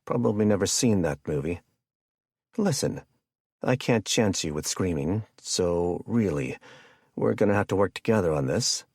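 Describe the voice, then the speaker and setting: Audiobook villain: chatty, casually menacing killer with a deep voice, as a male narrator puts him on; dry close recording. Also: lively intonation, moderate pace, a little mellow, dry recording. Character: jovial sadistic male hitman captor.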